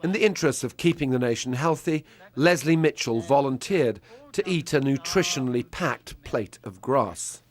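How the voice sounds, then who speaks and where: A man narrating a documentary and putting questions to interviewees in a measured, wry manner. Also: mid-range voice, lively intonation.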